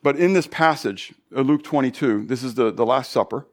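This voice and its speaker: A pastor preaching a Bible study sermon, animated, full of rhetorical questions. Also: male voice, medium pitch, fairly quick.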